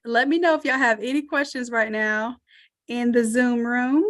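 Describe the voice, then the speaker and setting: Southern woman, slightly high voice, energetic webinar instructor who cheers on her viewers, computer mic on a video call. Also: moderate pace. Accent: Southern American. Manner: energetic, encouraging, addresses audience as y'all. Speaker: online design course instructor. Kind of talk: live webinar teaching and promotion.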